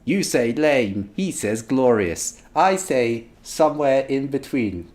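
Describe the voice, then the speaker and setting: A man voicing a prim, level-headed adult witch who speaks in a dry, measured way while reading a play. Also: mid-range voice, expressive, a little mellow, voice pushed up.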